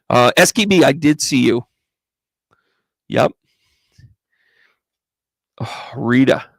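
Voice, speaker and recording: A man's voice: medium pitch, vocal fry, darkish tone, no echo. A man giving live-stream tarot readings as a psychic medium, chatting casually and greeting viewers by name as he thinks aloud over each card.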